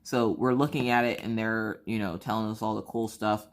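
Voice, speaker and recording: A woman's voice: very deep voice, fairly even intonation, moderate pace. A woman hosting a crafting channel, telling a story in casual chat and acting out both sides of conversations.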